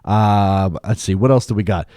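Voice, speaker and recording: A man's voice: lowish voice, fairly even intonation, normal speed, dark tone, clean tone, no echo, studio quality. Chatty man hosting a live stream. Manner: rambling, self-deprecating, chatty. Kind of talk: casual live stream chat. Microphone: desk microphone.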